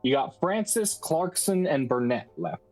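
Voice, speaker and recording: A game master narrating a tabletop game in a relaxed, rambling way full of fillers. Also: mid-range voice, a little slow, faint music behind, low-quality recording.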